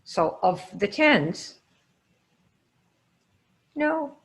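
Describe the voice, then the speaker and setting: An energetic woman leads a live online coaching class. She quizzes her listeners and calls on them by name, keeping the pace brisk and engaging. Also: medium pitch. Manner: lively, quizzing the audience. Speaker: sales trainer.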